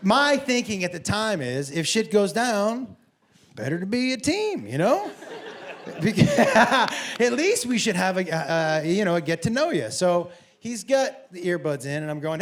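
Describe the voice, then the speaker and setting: Stand-up comic, man, higher voice, big swooping delivery; profane storyteller who plays every character in the anecdote, on stage with a handheld mic. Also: normal speed, slight background noise. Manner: animated, profane, acts out both sides of dialogue with sudden yelps. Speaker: stand-up comedian. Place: comedy stage before a live audience.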